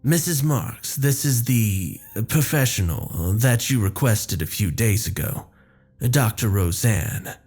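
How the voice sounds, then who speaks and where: A man's voice: fairly low pitch, animated, takes it slowly, darkish tone, breathy edge, faint music behind, full character voice. A man voicing a tall, sophisticated male butler who speaks formally with a slight Southern twang. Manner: refined, formal.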